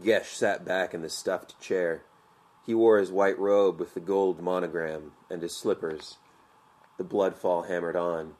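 A man narrating an audiobook in a measured, vivid storytelling manner. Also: deep voice, steady tone, darkish tone.

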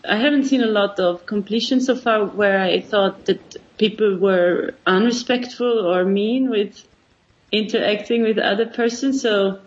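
Female panelist, mid-pitched, halting with ums, lo-fi call sound. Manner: hesitant, many ums. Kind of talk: panel discussion.

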